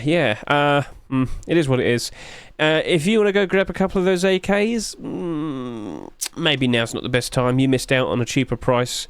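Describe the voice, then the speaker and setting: A man's voice: animated, normal speed, smooth, dry recording. Chatty sleepy man reviewing game skins. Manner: chatty, rambling, with sudden high-pitched exclamations. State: sleepy, yawning. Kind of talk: casual screen commentary.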